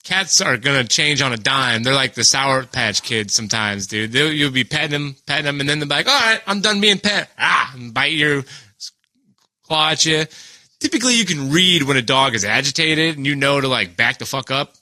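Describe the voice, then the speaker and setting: A man's voice: mid-range voice, moderate pace, bright, forceful tone, no echo. A young man co-hosting a podcast in casual chat, swearing freely and acting out animals in mock voices. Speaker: podcast co-host.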